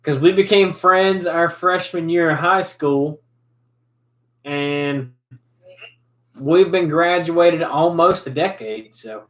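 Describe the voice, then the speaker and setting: A man's voice: on the high side, slow, long pauses, a bit bright. Laid-back young man in an echoey room. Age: 20s. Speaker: host. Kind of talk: casual chat over drinks.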